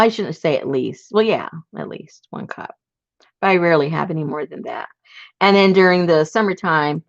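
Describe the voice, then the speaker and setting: Laughing rambling lady, lowish voice, dull dry call audio. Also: no echo. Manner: chatty, laughs often, rambling. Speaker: workshop presenter. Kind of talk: casual chat. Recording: dull, dry low-fi sound.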